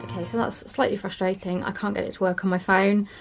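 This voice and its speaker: Gravelly-voiced woman vlogging. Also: medium pitch, little pitch movement, fast, music in the background. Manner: chatty and rambling, many ums and small laughs. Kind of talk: casual vlog chat to camera.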